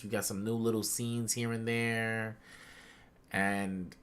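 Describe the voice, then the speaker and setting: A young man chatting casually on a podcast, excitable and slangy, acting out characters' lines with big swings in his voice. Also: on the low side, slow pace, clear, resonant tone. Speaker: podcast co-host. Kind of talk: casual chat.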